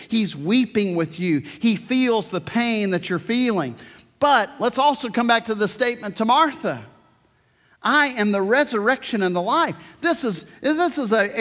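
A man preaching a sermon as a pastor, earnest, slowing down to stress key words and reading scripture aloud. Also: high-pitched, a bit bright, big-room sound.

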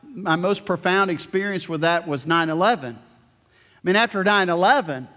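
A man preaching a sermon as a pastor, earnest, slowing down to stress key words and reading scripture aloud. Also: high voice, pushed and bright, in a large hall.

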